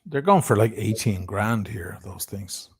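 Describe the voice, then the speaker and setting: A man's voice: lowish voice, animated, unhurried, husky, no room sound. A tipsy man co-hosting a casual livestream chat, laid-back and mumbling, swearing often.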